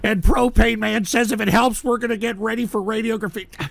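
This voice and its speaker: A man hosting a live call-in stream, ranting and shouting with profanity, choked up and tearful. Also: sits high, steady tone, a little fast, vocal fry, no echo. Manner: shouting, profane, whiny and fed up.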